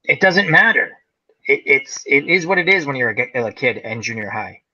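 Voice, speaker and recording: A man's voice: mid-range voice, normal speed, sharp tone, lo-fi sound. A man in his forties hosting a casual chat, telling stories animatedly and acting out voices. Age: 40s. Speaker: host.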